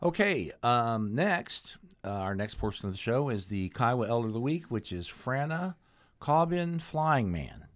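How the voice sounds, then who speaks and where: Male radio host reading sponsors, relaxed, dry studio sound. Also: mid-range voice, a little slow, no room sound. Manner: casual, stumbles over names. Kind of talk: radio announcing.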